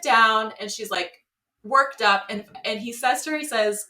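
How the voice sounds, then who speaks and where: Bright-voiced woman recapping, roomy and distant. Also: on the high side, measured pace. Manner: animated storytelling with acted-out quotes. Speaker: podcast co-host. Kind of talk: casual recap chat.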